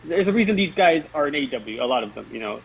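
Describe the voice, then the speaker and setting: Raspy, blunt man ranting. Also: a little high, expressive, quick pace. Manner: blunt, dismissive, exasperated rants. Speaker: podcast co-host. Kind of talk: casual wrestling review chat. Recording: dull lo-fi audio.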